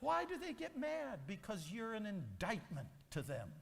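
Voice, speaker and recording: A man's voice: sits high, huge pitch swings, moderate pace, gravelly, slightly rough. A man giving an emphatic motivational speech to a convention audience, telling a story like a preacher. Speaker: motivational speaker. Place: large convention hall. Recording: long hall reverb.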